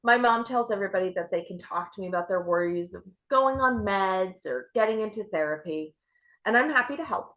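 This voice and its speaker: A young woman performs stand-up with a bright, crisp tone. She jokes dryly at her own expense in a deadpan way. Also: mid-range voice, a little fast. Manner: self-deprecating, deadpan delivery. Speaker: stand-up comedian. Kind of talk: stand-up set.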